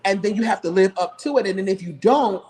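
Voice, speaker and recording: A man's voice: high voice, fast talker, a little mellow. Earnest man speaking from the heart. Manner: earnest, openly emotional, preaching tone. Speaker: panelist. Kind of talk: talk show discussion.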